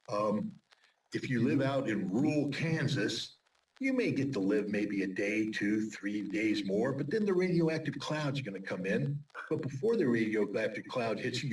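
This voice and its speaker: A man as an interview guest, giving urgent, emphatic warnings in a commentary style. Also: mid-range voice. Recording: distant mic with faint noise.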